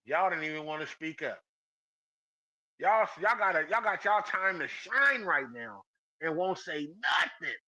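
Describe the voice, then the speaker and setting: Teasing high-voiced male podcast host. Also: big pitch swings, a little slow, sharp tone. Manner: teasing, calls out listeners by name, laughs often. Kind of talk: casual live-stream chat.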